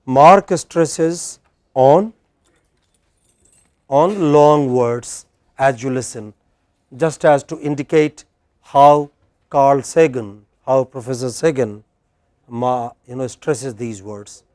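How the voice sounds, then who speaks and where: A man's voice: mid-range voice, slow pace, pauses often, a little mellow, no echo, clean studio sound. A man teaching a class, chatty, restarting sentences and quizzing his students. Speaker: English teacher. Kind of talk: classroom instruction. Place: indoor classroom.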